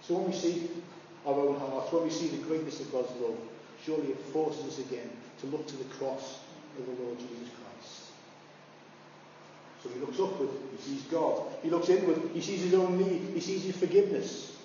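A man preaching a sermon, animated, climbing high when he acts out voices. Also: normal speed, a little hiss or hum. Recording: far-off, echoey hall, dull sound.

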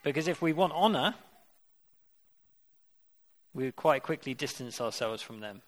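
A man's voice: mid-range voice, lively intonation, measured pace. A man preaching a sermon, earnest and conversational, with rhetorical questions to his congregation.

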